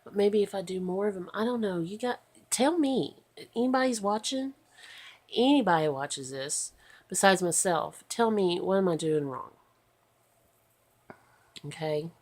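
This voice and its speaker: A woman's voice: on the low side, unhurried, pauses often. A tired woman, rambling sleepily to her vlog camera at night and drifting into whispers. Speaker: vlogger. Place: at home in bed at night.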